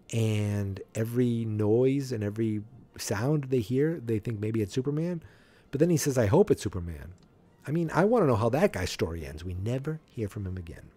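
A man's voice: medium pitch, mellow. A man hosting a podcast, casually recapping a comic in a chatty, wry way with asides. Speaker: podcast host.

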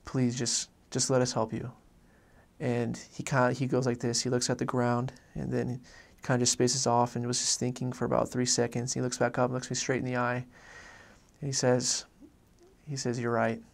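A young man, a former missionary, telling a personal story in a halting way, repeating words and filling pauses. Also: mid-range voice, completely flat delivery, creaky.

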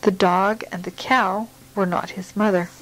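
A woman reading a picture book aloud to a child, gently and slowly, stopping to ask questions. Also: medium pitch, fairly even intonation, rough recording.

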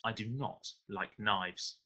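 A man doing a cold, quiet gentleman. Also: big pitch swings, exaggerated voice. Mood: cold calm. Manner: low, quiet and slow, clipped. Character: cold, calm, mysterious gentleman. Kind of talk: storybook reading.

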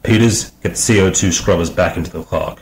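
A man's voice: deep voice, a little fast, a little hiss or hum, close to an everyday voice, low-quality recording. A man voicing a cold, angry starship captain in an audiobook, with clipped commanding lines.

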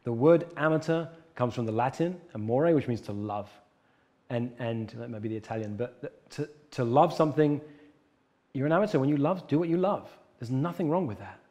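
A man's voice: medium pitch, animated, a little fast, dark tone. A man speaking as a coach in an interview, earnest and emphatic, repeating his key points. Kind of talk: conversational interview.

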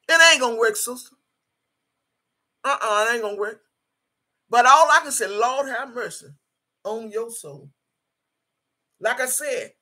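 A woman's voice: on the high side, bright, forceful tone, breathy edge. A woman in her sixties on a livestream, reading viewer comments aloud and preaching emphatically, repeating her phrases. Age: 60s. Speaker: livestreaming YouTuber.

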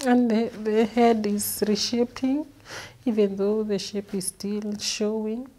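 A woman, an interview guest, recounting a painful personal story in an earnest, halting way, often repeating words. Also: mid-range voice, level tone, warm tone. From Kenya. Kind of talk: personal testimony.

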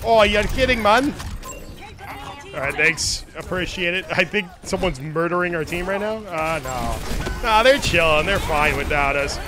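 Male streamer, high-pitched, excitable running commentary while playing. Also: a little slow. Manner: excitable, jokey, repeats phrases. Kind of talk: live gameplay commentary.

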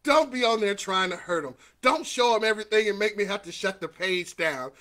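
High, bright-voiced energetic motivational man. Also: brisk. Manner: energetic, repeats lines for viewers to echo; greets viewers by name. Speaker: host of a weekly motivational livestream. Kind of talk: upbeat motivational live talk.

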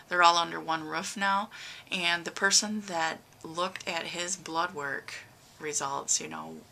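A woman's voice: on the low side, creaky, sharp tone, a little hiss or hum. A middle-aged woman giving a rambling, emotional personal update in her vlog, with lots of fillers. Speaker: vlogger.

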